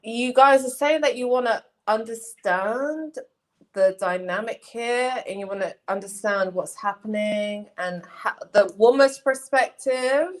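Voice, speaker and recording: An English woman with a fairly high voice argues her point with real passion. She talks in an emphatic, casual way on a remote call and acts out what other people said. Her delivery is heated but conversational. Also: a little slow. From England. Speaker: panelist.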